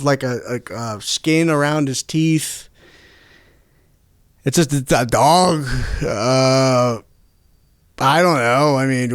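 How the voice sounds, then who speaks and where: A male comedy show host ranting in a rambling, excitable way, swearing constantly and tripping over his words. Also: fairly high pitch, smooth, no echo, clean studio sound.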